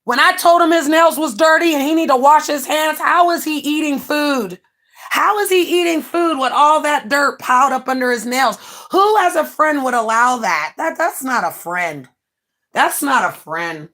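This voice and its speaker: A woman streamer in a brash, profane rant, mocking rivals and swinging between loud jabs and low mutters. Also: expressive, moderate pace. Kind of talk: ranting livestream monologue.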